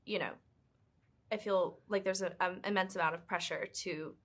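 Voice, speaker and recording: Young British woman, actress on a press day, bright-toned, chatty, loose with fillers. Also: medium pitch, normal speed. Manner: chatty, animated, many fillers. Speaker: actress and author being interviewed. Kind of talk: casual press junket interview.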